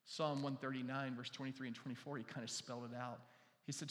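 A man's voice: medium pitch, level tone, fast, a bit bright. A man preaching a conversational sermon, often asking his listeners questions as he explains. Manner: conversational, asks the audience many questions. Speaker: pastor. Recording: long hall reverb.

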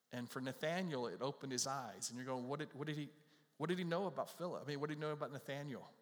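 A man's voice: a little high, fairly bright tone. Man preaching in an echoing hall. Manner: conversational preaching, paraphrasing scripture in everyday words. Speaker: pastor. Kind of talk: sermon.

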